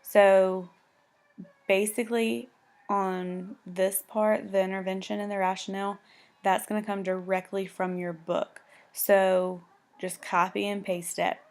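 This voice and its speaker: A woman's voice: mid-range voice, little pitch movement, measured pace, darkish tone. A young woman, a tired nursing student, walking through a homework example in a casual, hesitant way with many ums and self-corrections. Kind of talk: casual tutorial walkthrough.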